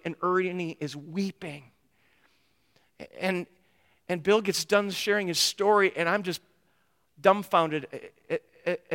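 Pastor, male, fairly high and bright; animated sermon storyteller; long hall reverb. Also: smooth. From United States. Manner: animated storyteller who acts out the dialogue he retells.

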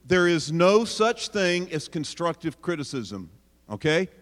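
A man preaching to a packed hall, his fairly high voice carrying with a long reverb tail. He jokes and teases the audience, asks them questions, and then turns serious. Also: measured pace. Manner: animated, joking, addresses audience directly. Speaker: speaker on parenting. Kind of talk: sermon.

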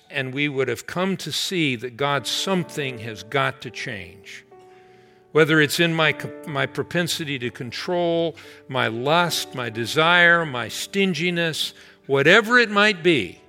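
A man with a bright, forceful voice preaches with earnest emphasis, leaning hard on key words. Soft music sits faintly behind him. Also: mid-range voice, vocal fry. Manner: earnest, emphatic preaching with slow prayerful stretches. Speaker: pastor. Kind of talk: sermon with closing prayer.

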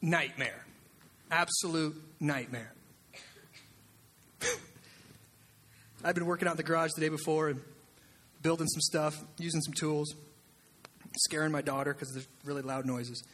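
Pastor guy preaching, high bright voice, goes from yelling to almost whispering. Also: a little slow, long pauses, a little hiss or hum. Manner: animated, swings from loud shouts to hushed near-whispers. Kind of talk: sermon.

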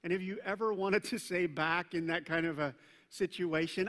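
A male pastor preaching a sermon in a conversational, animated way, with casual asides to the congregation. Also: high-pitched, moderate pace. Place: church sanctuary. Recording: reverberant church hall.

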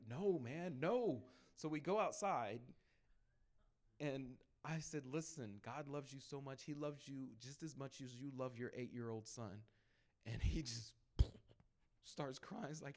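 Man, church testimony speaker, animated storyteller who plays every voice. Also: medium pitch. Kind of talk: conversational testimony to a group.

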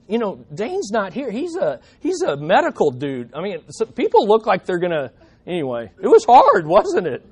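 A middle-aged male pastor preaching a sermon, animated and given to joking asides with his congregation. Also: very high voice, moderate pace, slightly rough.

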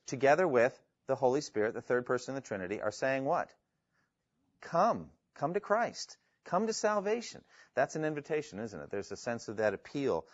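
A man's voice: medium pitch, dry recording, muffled recording. A man teaching a class on evangelism, reading Bible passages aloud with emphasis and putting questions to his students. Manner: reads scripture aloud with rising emphasis, asks the class questions. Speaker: evangelism instructor. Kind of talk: classroom lecture with scripture reading.

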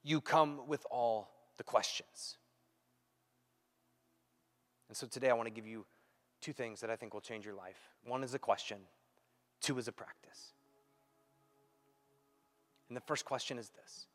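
A pastor preaching a sermon, acting out quoted dialogue and swinging between loud and hushed delivery. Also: male voice, mid-range voice, moderate pace, long pauses, soft background music. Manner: animated, acts out quoted dialogue. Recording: long hall reverb.

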